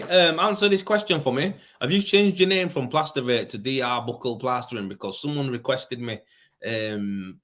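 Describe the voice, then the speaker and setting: A man's voice: medium pitch, fairly bright tone. A tired man in his thirties, a plasterer, hosting a casual live stream, reading viewer questions aloud and answering them in laid-back, slangy talk. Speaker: plasterer livestream host.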